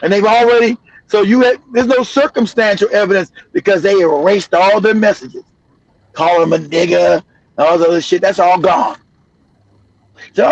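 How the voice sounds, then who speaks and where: A middle-aged man talks bluntly on a live stream. His voice sits high for a man and he keeps driving his point home with repeats. The sound is dry and a little muffled. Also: normal speed, no echo. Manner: blunt, emphatic, repeats himself, laughs often. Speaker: show host. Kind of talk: casual live-stream commentary.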